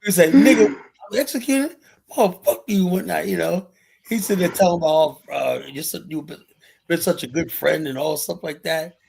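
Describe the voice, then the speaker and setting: Gravelly-voiced man rambling. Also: a little high, fairly even intonation, normal speed, darkish tone, poor audio. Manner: rambling recollection, trails off and restarts. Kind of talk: casual group chat.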